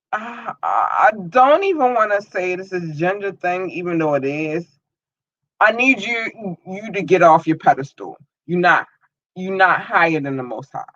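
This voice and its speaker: A woman hosting a live podcast rants bluntly and profanely in a raised, forceful, fired-up voice. Her sound is dry and close, with no room around it, but dull and lo-fi. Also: deep voice, no echo. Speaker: podcast host. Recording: dull lo-fi audio.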